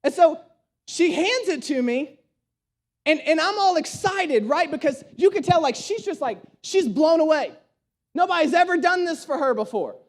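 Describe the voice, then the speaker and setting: A man's voice: very high-pitched, expressive, moderate pace. A male pastor preaching a sermon, telling a self-deprecating story with humor and acting out the dialogue. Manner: acts out dialogue in his stories.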